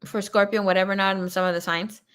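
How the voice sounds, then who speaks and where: Woman tarot reader rambling on a livestream, swears a lot, laughs a lot, mid pitch. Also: little pitch movement, fast talker, a bit bright, clean tone. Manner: chatty, profane storytelling; laughs often. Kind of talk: casual livestream chat.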